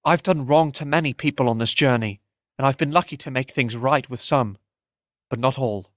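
A man's voice: mid-range voice, normal speed, no room sound, studio quality, lightly acted. Man voicing an earnest young hero. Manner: quiet, earnest, reflective.

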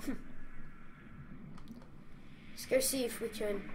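A woman's voice: mid-range voice, slow, long pauses, soft background music. A woman commenting as she plays a game, chatty and exasperated, talking to the creatures on screen. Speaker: gamer. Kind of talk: playing commentary.

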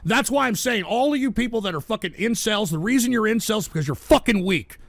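A man hosting a call-in radio show, ranting aggressively with a lot of swearing and frequent shouting. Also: high voice, expressive, fast, creaky, no room sound. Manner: aggressive, profane, shouting rant. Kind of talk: live call-in radio rant.

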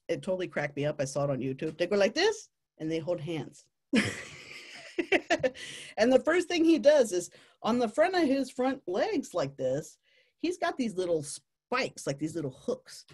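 A woman telling a playful nature story to families, animated and laughing often. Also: medium pitch, husky.

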